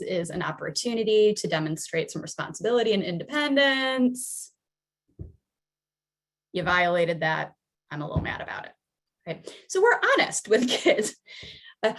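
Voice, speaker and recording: A woman's voice: on the high side, big pitch swings, normal speed, fairly bright tone. A woman psychologist giving a conversational webinar presentation over a video call, often checking in with her listeners. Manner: conversational, keeps checking in with "right?".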